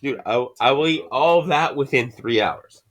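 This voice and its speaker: Medium in pitch and moderate in pace, a Canadian man hosting a podcast tells a rambling story. He swears constantly and recounts things with animation, all casual and profane.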